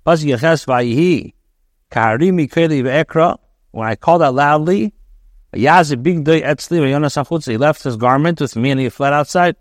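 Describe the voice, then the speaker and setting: A man teaching as a rabbi, reading Hebrew verses aloud and translating each phrase into English with frequent pauses and restarts. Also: on the high side, no room sound, clean studio sound. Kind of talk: reading and translating scripture line by line.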